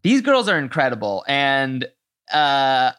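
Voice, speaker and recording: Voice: medium pitch, sing-song, takes it slowly, a bit bright, smooth. Podcast host, casual chat, enthusiastic, loose, lots of fillers. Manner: chatty and enthusiastic, with frequent fillers and swearing.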